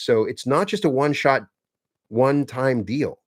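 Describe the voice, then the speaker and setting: A man giving an earnest motivational teaching talk, slow and emphatic, repeating key phrases for stress. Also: mid-range voice, no echo, studio quality. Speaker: self-help teacher.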